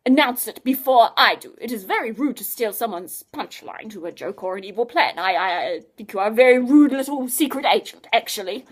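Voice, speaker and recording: A woman's voice: a little high, animated, normal speed, natural voice. Storybook villain: a woman playing a theatrical, easily offended evil male scientist, raised voice. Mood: gloating. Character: pompous evil male mad scientist, touchy and boastful. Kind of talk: storybook reading.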